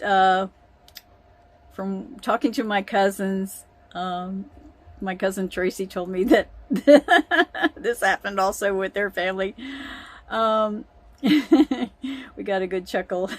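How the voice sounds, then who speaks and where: A woman telling a family story in a chatty way, often breaking into laughter. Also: medium pitch. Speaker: vlogger. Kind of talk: casual storytelling.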